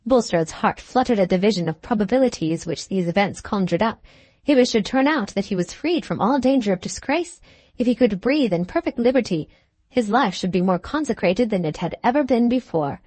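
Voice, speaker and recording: Woman audiobook narrator, measured and even, close dry mic. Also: mid-range voice, no room sound. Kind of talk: scripted narration.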